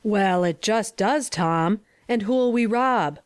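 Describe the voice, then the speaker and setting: A woman's voice: mid-range voice, slow, clear, resonant tone, close to an everyday voice. A woman playing a wary drawling boy. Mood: wondering. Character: wary superstitious ragged boy.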